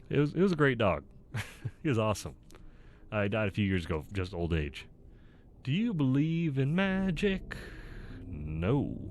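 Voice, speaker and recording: A man's voice: lowish voice, slight background noise. A man reading personality test questions aloud and answering them candidly, rambling and often laughing at himself. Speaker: YouTuber taking an online personality test. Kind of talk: casual self-recorded talk, reading questions aloud and answering.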